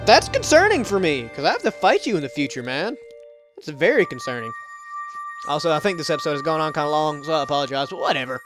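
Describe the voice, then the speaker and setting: A man's voice: a little high, sing-song, fast, over music. A young man hosting a let's play, giving casual gameplay commentary full of sarcastic, joking asides.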